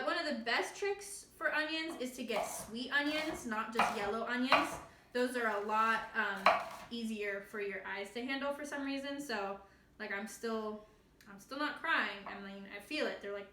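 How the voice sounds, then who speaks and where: Bright and on the high side, with a forceful tone, this young woman's voice sounds reverberant with a little hiss or hum. She hosts a casual library cooking tutorial in her home kitchen, chatting and poking fun at herself over kitchen mishaps.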